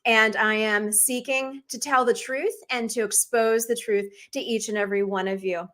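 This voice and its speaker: Bright, outspoken woman in her forties. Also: a little high, steady tone, normal speed. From Northern United States. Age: 40s. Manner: bold, outspoken, emphatic. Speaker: talk show host. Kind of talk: live-streamed talk show monologue.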